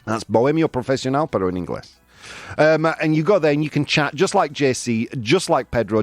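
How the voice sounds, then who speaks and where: A man hosting a radio show, chatting loosely and poking fun at himself. His pitch swings lively and the studio sound is dry and close. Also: a little fast, dry recording, faint music behind. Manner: jokey, self-mocking, laughs often. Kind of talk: casual radio chat.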